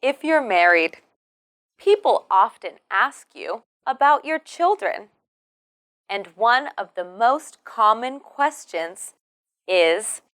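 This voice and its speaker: A woman teaching English pronunciation, speaking slowly and modelling each word with careful stress. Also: fairly high pitch, very animated, a bit bright. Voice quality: careful, drawn-out modelling of words. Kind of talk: slow, clearly enunciated pronunciation lesson.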